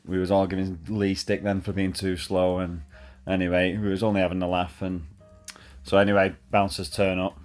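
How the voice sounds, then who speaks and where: A man's voice: deep voice, level tone, normal speed, soft background music. A man, telling a chatty, laddish story in a voice message, full of fillers. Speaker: caller sending a voice message.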